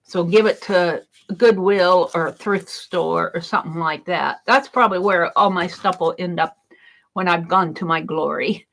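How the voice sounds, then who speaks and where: A woman's voice: fairly low pitch, moderate pace, vocal fry, fairly bright tone. An older woman chatting casually while she crafts, rambling and giggling and talking to herself. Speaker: craft vlogger.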